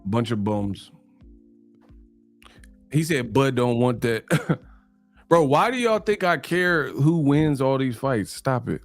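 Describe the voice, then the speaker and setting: A man's voice: medium pitch, big pitch swings, slow, pauses often, dry recording, faint music behind. A man hosting a casual live stream, joking and laughing through slangy banter with his viewers. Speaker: livestream host.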